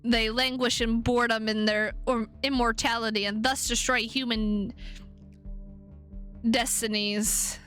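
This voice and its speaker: A woman voicing a calm, polite male werewolf hunter from a visual novel, reading his lines aloud. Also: fairly high pitch, a little slow, soft background music. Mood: measured.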